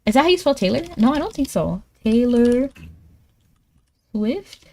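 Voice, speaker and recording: A woman streaming live in casual chat, thinking aloud as she plays a word game, laughing often and jumping up in pitch when excited. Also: a little slow, slight background noise.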